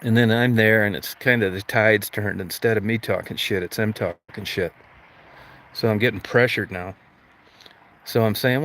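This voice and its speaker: A man's voice: fairly low pitch, fairly even intonation, moderate pace, fairly bright tone. A man hosting a livestream, ranting crudely with constant swearing and mock outrage. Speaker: livestream host. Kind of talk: profane comedic rant.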